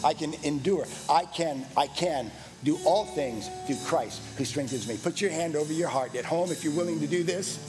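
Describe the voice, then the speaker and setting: A male pastor preaching a sermon, repeating phrases and building to loud exhortation. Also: on the high side, normal speed. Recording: music playing behind the voice.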